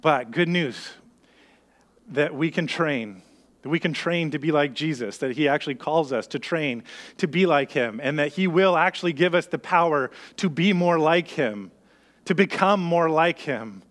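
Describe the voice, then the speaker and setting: A man's voice: a little high, expressive, moderate pace, fairly bright tone. A man preaching a sermon in an earnest, conversational way, acting out the worried thoughts of his listeners. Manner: earnest, conversational, acts out worried inner voices. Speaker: pastor.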